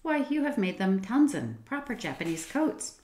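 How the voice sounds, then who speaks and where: A woman reading as a gentle, elegant gentleman. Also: medium pitch, sing-song, normal speed, voice pushed up, natural voice. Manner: gentle, courteous. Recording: roomy echo.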